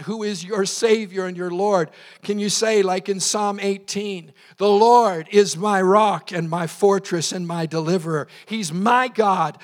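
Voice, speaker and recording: A man preaching a sermon at a church service, quoting scripture with passion and leading the congregation in call and response. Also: high-pitched. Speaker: pastor.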